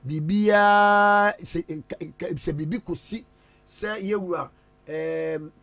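A man with a Ghanaian accent hosting a radio talk show, switching lively between local language and English. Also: sits high, takes it slowly, soft background music. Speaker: radio host.

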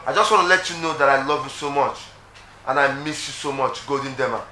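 Guy doing a heartfelt tribute, bright voice, roomy echo. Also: mid-range voice, fast talker. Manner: affectionate, earnest. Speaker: reality show contestant. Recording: echoey room with faint noise.

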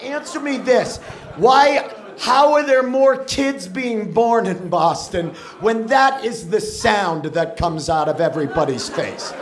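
A man's voice: sits high, takes it slowly. A man doing a stand-up set in a comedy club, ranting in disbelief. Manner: ranting, incredulous. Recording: laughing crowd in a club.

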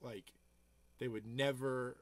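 A man producer chatting casually on a live stream, telling loose stories full of swearing and giving hyped shout-outs to viewers. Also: medium pitch, steady tone, slow, no echo. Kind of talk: casual livestream chat. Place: home music studio.

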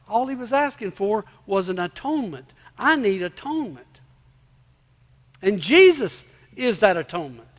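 High-voiced male pastor, reverberant church. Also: very animated, normal speed. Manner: emphatic, repeats key phrases, asks the congregation rhetorical questions. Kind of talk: sermon. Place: church sanctuary before a congregation.

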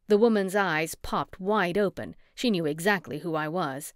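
A woman's voice: on the low side, moderate pace, few pauses, dry recording, studio quality. Woman narrating a cozy mystery audiobook. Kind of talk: scripted first-person audiobook narration.

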